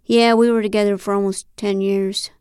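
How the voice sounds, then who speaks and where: A woman's voice: mid-range voice, moderate pace, smooth, no room sound, lightly acted. Woman doing a chatty earnest guy in a storybook, kinda eager, dead dry booth sound. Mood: rueful. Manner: chatty, eager, animated outbursts. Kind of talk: audiobook character voice.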